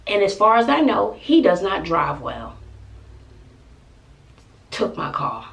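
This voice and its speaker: A woman's voice: medium pitch, big pitch swings, slow, vocal fry, far from the mic. A woman in her forties with a Texan accent, a family vlogger venting to her viewers in an emphatic, exasperated storytelling way. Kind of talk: venting to camera.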